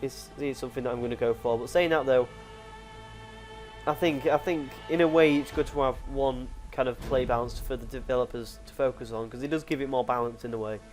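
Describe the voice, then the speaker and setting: A man's voice: mid-range voice, a little fast, a little mellow, soft background music. A young man co-hosting a casual gaming chat, rambling through stories with lots of restarts and "like". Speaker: co-host.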